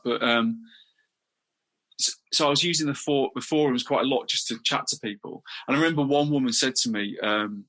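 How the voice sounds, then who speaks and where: A middle-aged man from England talking candidly as an interview guest, halting often with restarts and repeated words. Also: medium pitch, pushed and bright.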